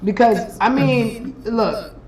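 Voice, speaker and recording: A woman's voice: a little high, slow, reverberant, distant mic, crowd noise, rough recording. A young Trinidadian woman, a spiritual reader hosting a casual livestream, tells a story in an emphatic, profane way, repeating phrases for effect.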